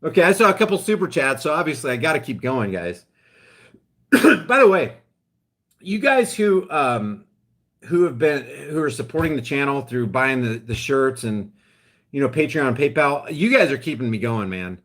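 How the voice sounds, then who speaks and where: A man hosting a live stream, ranting in a heated, emphatic way, then dropping into quieter asides to his viewers. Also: medium pitch, very animated, moderate pace. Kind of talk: impassioned live-stream rant.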